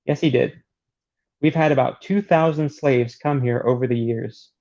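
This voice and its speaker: A man reading the lines of an earnest male slave rescuer, steady and resolute. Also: medium pitch, normal speed, lightly acted. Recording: dull lo-fi recording.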